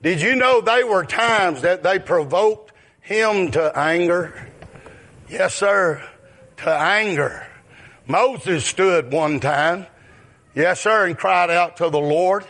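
Slow, bright-voiced preacher man shouting. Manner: drawn-out delivery that rises into shouted high exclamations; repeats call-outs like "yes, sir" and "huh?". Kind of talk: sermon.

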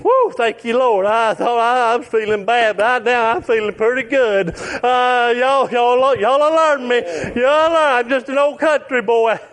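Man preaching, very high voice, fervent delivery with shouted peaks. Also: steady tone, unhurried, hardly any pauses. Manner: fervent, rising to shouts then dropping soft. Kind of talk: sermon.

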